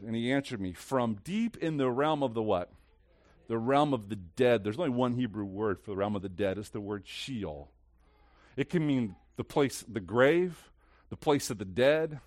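A man preaching a sermon as pastor, swinging between loud, lively stretches and hushed, slow ones. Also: fairly low pitch, no room sound, studio quality.

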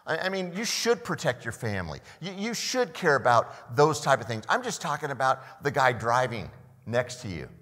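A man's voice: mid-range voice, sing-song, normal speed, a bit bright, in a large hall. An older man preaching a sermon as a pastor, often repeating the first words of a phrase and asking the listeners questions.

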